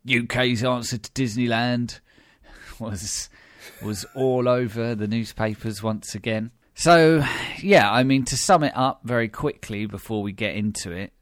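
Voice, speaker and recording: With a British accent and a mid-range voice at a measured pace, a man hosts a casual podcast, bantering wryly and often restarting or filling pauses. It's a dry, clean studio recording.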